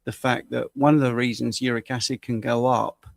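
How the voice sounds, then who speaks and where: Man in his 60s, gravelly voice, health coach, anecdotal casual chat, dry close sound. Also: mid-range voice, steady tone, no room sound. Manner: anecdotal, measured storytelling.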